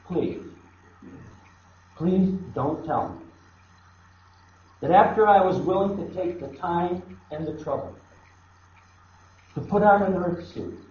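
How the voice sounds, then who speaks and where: A man voicing Jesus on the cross, softly pleading and begging again and again in a slow, grieving voice. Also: a little high. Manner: repeated pleading, soft and slow. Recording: echoey, dull hall recording.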